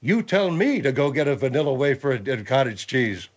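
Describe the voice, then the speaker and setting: A man's voice: mid-range voice, sing-song, fairly quick. A man voicing a wry male sidekick panelist who rambles and hesitates.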